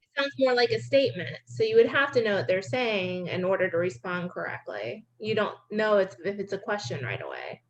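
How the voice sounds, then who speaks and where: A woman's voice: medium pitch, lively intonation, brisk. A woman learner in an online language class who explains her point carefully and articulately. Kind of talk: class discussion. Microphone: video call. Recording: dull lo-fi video call audio.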